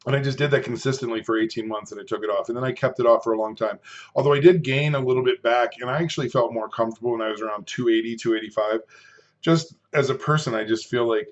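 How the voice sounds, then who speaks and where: Eating as he talks, a male food and fitness vlogger in his fifties rambles casually to camera and breaks off occasionally to chew. The mid-range voice moves fast, and the sound is lo-fi.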